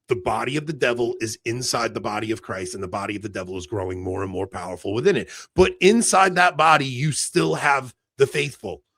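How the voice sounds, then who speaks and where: A man with a New York accent co-hosting a podcast, talking in an animated, excitable way and swearing freely. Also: medium pitch, no echo. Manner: animated, excitable, cursing, quick laughs. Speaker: podcast co-host. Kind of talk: casual podcast chat.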